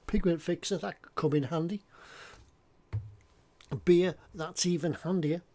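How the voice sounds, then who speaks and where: A man's voice: fairly high pitch, measured pace, mellow. A man chatting casually and jokily at his hobby workbench while he works on a model, often drifting off topic. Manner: rambling and jokey, drifts off topic. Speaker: scale model builder.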